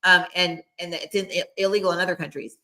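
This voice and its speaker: Middle-aged woman co-host, loose chatty medium, rambles with fillers, voice sits a touch low. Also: steady tone, quick pace, sharp tone. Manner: rambling, filler-heavy, relays spirit quotes. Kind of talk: casual chat, channeling messages.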